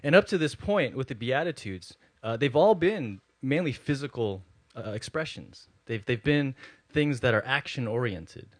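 A man's voice: medium pitch, lively intonation, moderate pace, no room sound. A man preaching a conversational sermon, with many fillers and asides. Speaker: pastor.

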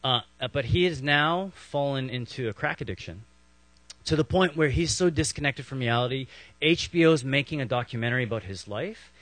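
A man's voice: medium pitch, animated, fairly quick, fairly bright tone, dry recording. A man in his thirties, a pastor, preaching a sermon in a conversational way, with rhetorical questions and playful acted asides.

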